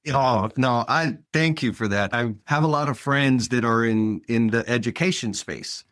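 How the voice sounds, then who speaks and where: Man, podcast host, blunt, emphatic, middle pitch, dry close sound. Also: moderate pace, fairly bright tone, dry recording. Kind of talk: casual interview chat.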